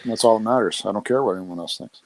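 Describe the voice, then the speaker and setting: A man's voice: fairly low pitch, rapid-fire, no room sound. A man co-hosting a podcast, talking bluntly and getting defensive, with the odd swear. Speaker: podcast co-host. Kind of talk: casual chat.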